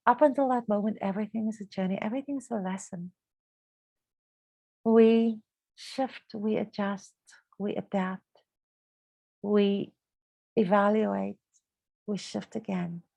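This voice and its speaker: A woman's voice: medium pitch, steady tone, unhurried, gravelly, long pauses, warm tone, no echo. A woman hosting a podcast, talking in an earnest, reflective and motivational way. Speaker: podcast host. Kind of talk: casual conversational podcast talk.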